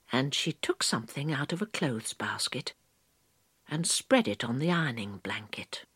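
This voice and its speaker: A woman reading a storybook aloud slowly in a soft, hushed, often half-whispered voice. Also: rumbling low, expressive, slightly rough, no echo, clean studio sound.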